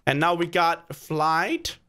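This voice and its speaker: A man narrating a game session in a loose, chatty way, talking to himself as he goes. His voice is bright and forward, and it swings widely up and down. Now and then it jumps into loud yelps of frustration or triumph. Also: a little high, unhurried. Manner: excitable, talks to himself and cheers himself on; sudden loud outbursts of frustration and joy. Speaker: gaming video creator. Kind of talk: casual let's-play commentary.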